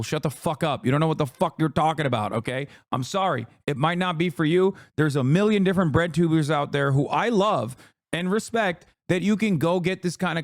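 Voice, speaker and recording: A man doing heated livestream political commentary, angry and profane, shouting down his critics. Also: a little high, dry recording, studio quality.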